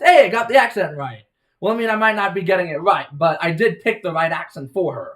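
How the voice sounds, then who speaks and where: A man's voice: high-pitched, lively intonation, brisk, fairly bright tone. A man hosting a let's play, reading a visual novel aloud with playful, joking commentary.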